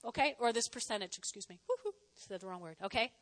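High bright-voiced fast-talking woman pastor. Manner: chatty, self-mocking, animated preaching. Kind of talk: sermon and offering appeal.

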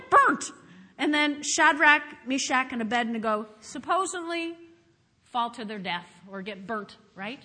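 A woman pastor preaching a sermon, telling stories in an animated way, moving from hushed asides to shouted praise. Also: high voice. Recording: long hall reverb.

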